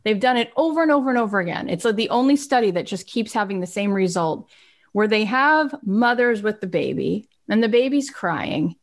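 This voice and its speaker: A woman giving an expressive, animated motivational talk on personal growth. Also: mid-range voice, fairly quick. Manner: expressive, acts out little scenes.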